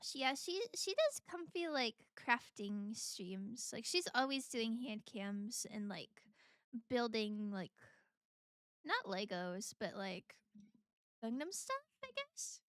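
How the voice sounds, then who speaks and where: A woman streamer chats casually with her viewers and laughs a lot. Her voice is high and bright, and she talks at an easy, unhurried pace. The sound is dry and close. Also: sing-song, clean tone, dry recording. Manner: giggly, chatty, talks while eating.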